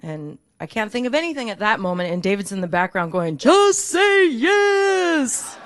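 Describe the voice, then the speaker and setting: A woman speaks to her congregation from the front of a church sanctuary. She shares a candid personal testimony of gratitude in an open, emotional way and often breaks into rapid spoken lists. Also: lowish voice, expressive, a little hiss or hum. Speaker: church member giving a gratitude talk.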